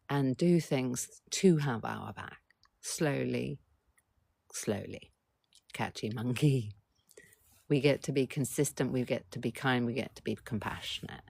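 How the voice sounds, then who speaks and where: A woman, a mental health coach, talking gently to viewers on a livestream and coaxing them to respond. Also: extremely low pitch, gravelly, slightly rough. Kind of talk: livestream talk.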